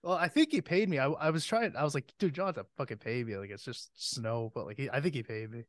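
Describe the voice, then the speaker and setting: A man hosting a podcast in a relaxed chat, laughing often and telling easygoing stories. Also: medium pitch, fast, no echo. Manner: laid-back, laughs often. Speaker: podcast host. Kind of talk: casual chat.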